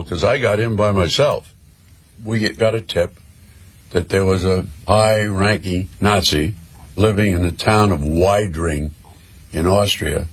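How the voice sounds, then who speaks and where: An older man telling a personal war story in a slow, measured way, with pauses. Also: lowish voice, husky.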